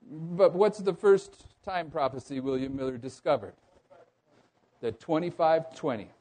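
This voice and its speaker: Preaching to his congregation, a man whose voice runs on the high side with a darkish tone asks the audience rhetorical questions. He often trips over his words and restarts phrases partway through.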